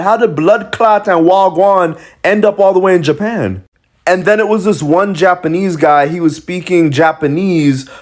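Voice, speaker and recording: A man, hosting a reaction video and talking to camera with animated, incredulous rhetorical questions. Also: a little high. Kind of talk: casual commentary to camera.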